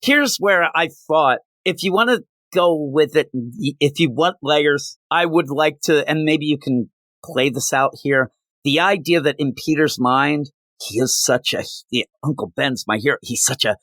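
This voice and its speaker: Bright, animated comic podcast man. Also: on the high side, measured pace, no room sound. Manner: animated, jokey, restarts a lot. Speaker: comic book podcast host. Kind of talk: casual review chat.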